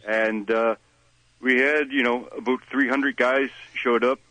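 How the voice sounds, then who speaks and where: A man talks about the show he wrote on a radio interview. He rambles and leans on fillers. His voice is bright and dry, with no room sound. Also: mid-range voice, steady tone, unhurried, dry recording, rough recording. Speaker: guest playwright and songwriter.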